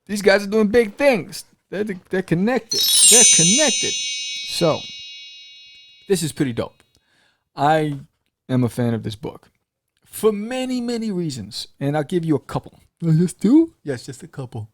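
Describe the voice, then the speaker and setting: A man hosting a casual podcast, retelling a comic's story in a playful, animated way and acting out the characters' lines. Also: fairly high pitch, unhurried, long pauses. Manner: playful, jokes with the listener. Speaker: podcast host reviewing comics. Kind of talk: casual chat.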